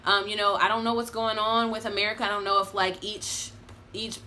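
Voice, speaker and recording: A young adult woman talking casually to her viewers in a review vlog, chatty and expressive, calling them y'all. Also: medium pitch, brisk, slight background noise. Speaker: vlogger.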